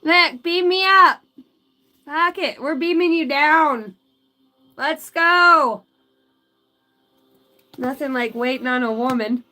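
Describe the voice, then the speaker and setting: A woman's voice: sits high, takes it slowly, pauses often, sharp tone, soft background music. A woman doing a live tarot and oracle card reading, giggling often, swearing freely and chatting in asides to her spirit guides.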